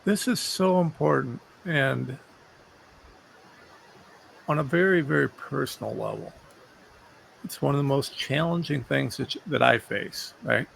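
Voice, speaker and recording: A man's voice: mid-range voice, unhurried, creaky, long pauses, a bit bright, slight background noise. A man hosting an interview, talking earnestly and often repeating words as he gathers his thoughts. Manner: earnest, repeats words while searching for them. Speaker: show host. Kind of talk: conversational interview.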